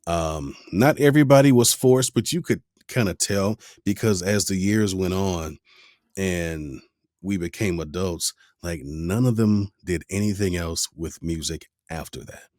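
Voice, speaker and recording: Male podcast host, very low voice, relaxed reflective delivery, dry close mic. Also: unhurried, no echo. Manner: laid-back, reflective, with fillers. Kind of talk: casual interview chat.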